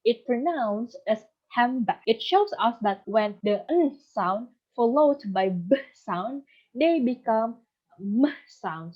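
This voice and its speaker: Woman, fairly high voice, steady step-by-step explaining, dull lo-fi recording. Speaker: teacher. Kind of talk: recorded lecture on phonology. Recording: muffled lo-fi recording.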